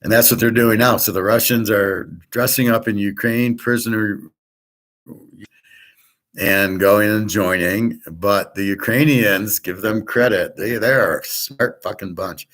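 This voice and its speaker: A man's voice: fairly low pitch, a bit bright. An older man hosting a show, telling a long grievance story in a blunt, profane, rambling way. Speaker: show host. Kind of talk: casual rambling monologue.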